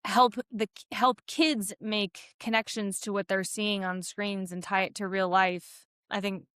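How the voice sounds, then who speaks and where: A woman co-hosting a podcast, speaking in a thoughtful, measured way with hesitant restarts. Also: mid-range voice, steady tone, a bit bright, clean tone, dry recording, clean studio sound. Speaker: podcast co-host. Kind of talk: casual conversational chat.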